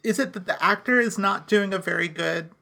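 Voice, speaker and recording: A woman's voice: mid-range voice, brisk, vocal fry, bright, forceful tone. A woman co-hosting a podcast, chatting casually about a TV show with frequent fillers. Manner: rambling with many fillers. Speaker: podcast co-host. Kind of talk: casual chat.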